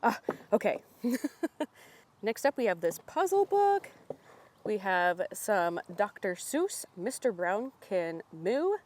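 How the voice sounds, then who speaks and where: A young woman vlogging outdoors at little free libraries, chatting with bubbly excitement and reading book blurbs aloud. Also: mid-range voice, slow, pauses often. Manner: bubbly, excited, laughs often.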